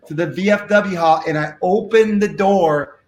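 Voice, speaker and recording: A man telling a story from his life as an interview guest, acting out the dialogue with lively energy. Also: sits high, moderate pace, roomy sound. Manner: animated, acts out dialogue. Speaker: guest speaker.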